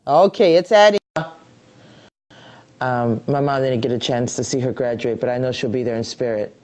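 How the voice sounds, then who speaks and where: A middle-aged woman and grandmother hosting a casual live video chat from her computer, talking in a chatty, warm-hearted way with many fillers and restarts. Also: very deep voice, moderate pace. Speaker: host. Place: home, at a computer. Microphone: computer mic on a live video call.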